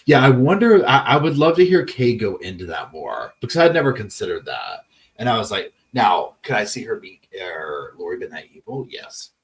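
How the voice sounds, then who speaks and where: A man's voice: fairly low pitch, sing-song, normal speed, distant mic. A man hosting a live true-crime chat stream, rambling casually and reading viewer messages aloud. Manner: chatty, rambling, many restarts, reads chat messages aloud.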